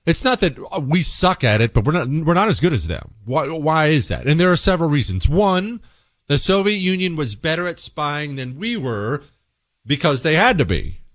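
Brash, animated male radio host. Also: normal speed, dry recording, clean studio sound. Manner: brash, mocking, swings pitch wildly for effect. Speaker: radio talk show host. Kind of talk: opinionated call-in radio talk.

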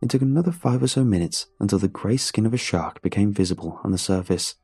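Deep, dark, husky male storyteller. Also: fast talker. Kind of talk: first-person story narration.

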